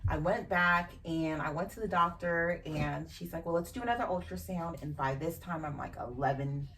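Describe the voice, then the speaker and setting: This podcast host, a woman with a fairly low and slightly bright voice, recounts a deeply personal story at normal speed, frankly and with emotion, dropping casual swear words. She's set back from the microphone, so she sounds a bit distant, and there's slight background noise.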